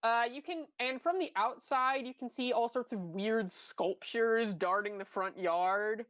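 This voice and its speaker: A woman playing a tabletop game, describing things in a halting way full of fillers. Her voice sits fairly high. The recording is dry and close. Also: a bit bright, no echo, muffled recording. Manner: halting, lots of "uh" and "like". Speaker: player.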